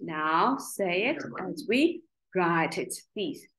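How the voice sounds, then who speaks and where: A woman gives a one-on-one phonics lesson, sounding out letters and syllables with care. She speaks slowly and deliberately. Her voice swings widely in pitch as she coaxes the child along. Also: lively intonation, a bit bright, rough recording. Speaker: spelling tutor.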